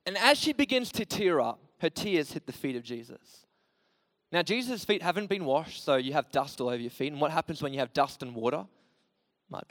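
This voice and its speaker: High-voiced passionate male preacher. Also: animated, brisk, dry recording, long reverb tail. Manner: passionate, swinging from loud emphasis to soft low storytelling. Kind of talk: sermon.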